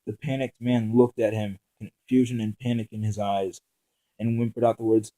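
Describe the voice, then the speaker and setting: A man's voice: medium pitch, level tone, mellow, poor audio. A man reading his own novel aloud, stumbling and restarting lines often. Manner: halting reading with frequent restarts and fillers.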